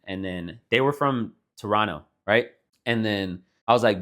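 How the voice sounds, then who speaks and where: A man's voice: fairly low pitch, quick pace, a bit bright. Laid-back young man from Texas telling stories. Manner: laid-back storytelling, heavy filler words and swearing. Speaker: podcast co-host. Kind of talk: casual chat.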